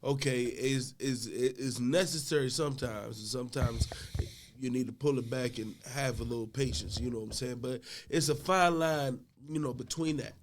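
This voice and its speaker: A middle-aged man, a podcast guest, telling a story in casual chat. He starts out laid-back and gets loud and laughing as the story builds. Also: medium pitch.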